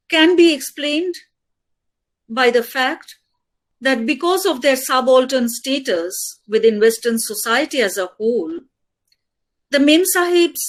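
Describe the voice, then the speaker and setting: A woman speaker at an academic webinar, reading her lecture paper in a measured way and quoting passages. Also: high-pitched, low-quality recording. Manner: slow, measured delivery with quoted passages. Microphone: video call.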